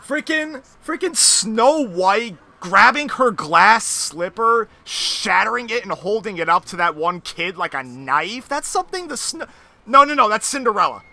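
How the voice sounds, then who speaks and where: A man hosting a casual gaming podcast, talking through an animated, rambling rant with some swearing. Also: high voice, measured pace, gravelly. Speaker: podcast host playing a video game.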